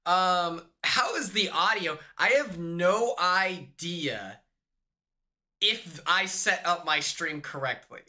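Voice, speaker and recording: Excitable streamer man, bright voice, slow talk. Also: high-pitched. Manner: excitable, swears, laughs often, shrieks when retelling. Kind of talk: casual live-stream chat. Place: hotel room.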